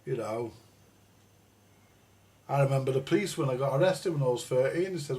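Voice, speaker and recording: A man's voice: medium pitch, lively intonation, normal speed, darkish tone. A middle-aged man, ranting and rambling bluntly on a live stream, full of swearing. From England. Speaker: livestream host. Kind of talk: casual ranting chat. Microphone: live stream microphone.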